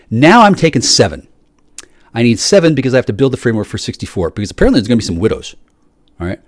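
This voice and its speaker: A man in a rambling, profane monologue that swings from shouting to low muttering, often repeating and restarting his words. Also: sing-song, racing, no echo, studio quality. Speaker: solo speaker.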